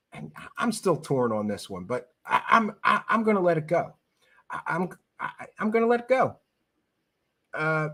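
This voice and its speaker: A man's voice: fairly high pitch, fairly bright tone, slightly rough. A man hosting his show, giving sarcastic, emphatic video commentary and hammering his points home by repeating them. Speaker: show host.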